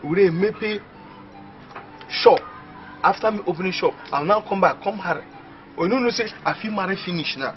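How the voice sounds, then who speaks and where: An actor playing an excitable, boastful young village man who talks in Nigerian Pidgin English. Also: sits high, moderate pace, pauses often, faint music behind. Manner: boastful, excitable, laughing often. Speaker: villager dreaming of going to the city. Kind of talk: comedy film acting. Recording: muffled film audio with faint hiss.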